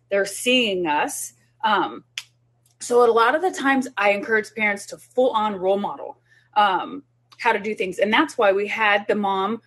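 Woman, child development specialist, husky voice, conversational parenting talk, acts out dialogues. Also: on the high side.

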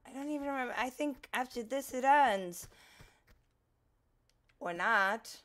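Bright-voiced woman reacting to a game. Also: fairly high pitch, animated, measured pace. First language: Portuguese. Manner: exclaiming and swearing at the game; muttering to herself. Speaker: gaming streamer. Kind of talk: casual gameplay commentary.

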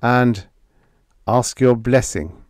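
A man's voice: medium pitch, drawn-out words, darkish tone, no room sound, studio quality, pitched above the performer's own voice. A man voicing a wounded male space captain, speaking with a grim, strained intensity. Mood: grim intense.

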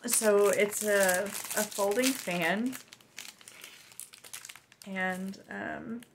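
A woman's voice: medium pitch, fairly even intonation, noisy background. A woman vlogger chatting casually and gushingly as she unboxes gifts. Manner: warm, gushing, unhurried.

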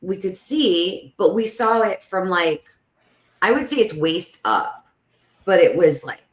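Woman, lowish voice, casual animated storytelling, lots of "like", echoey room. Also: slow. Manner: animated, full of "like", acts out the voices in her story. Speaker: podcast guest. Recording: roomy echo.

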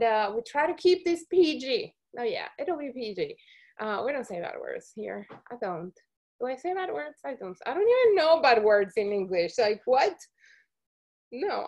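A woman with a high voice hosts a team call over video. She talks in a bubbly, chatty way, laughing often and wandering into little stories. Her voice comes through a video call connection. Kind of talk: casual video call chat.

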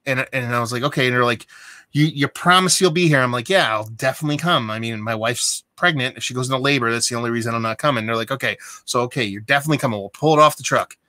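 Bright-voiced man ranting casually. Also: medium pitch, fast, dry recording. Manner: rambling, exasperated storytelling. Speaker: beer vlogger. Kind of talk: casual vlog rant.

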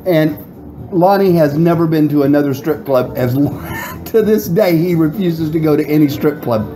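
Middle-aged guest, rambling and laughing, mellow tone. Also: male voice, on the high side, normal speed, poor audio. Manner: rambling, laughing storyteller with restarts. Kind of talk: casual storytelling.

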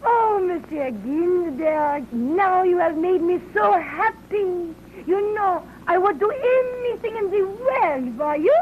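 An actress playing a vain, temperamental young French film star with a French accent, coquettish and given to fiery theatrical outbursts. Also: female voice, very high voice, lively intonation, takes it slowly, hardly any pauses, heavily acted. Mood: flattered. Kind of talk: 1920s early talkie acting. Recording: dull early film soundtrack, faint hiss.

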